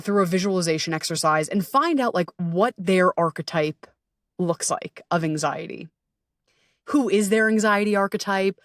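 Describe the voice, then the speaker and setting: A woman's voice: mid-range voice, a bit bright, dry recording, recorded from a distance. Woman podcast host on a close mic, blunt and sweary, laughs a lot, dead dry sound. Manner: frank, sweary, self-deprecating, laughs often. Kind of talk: candid podcast monologue.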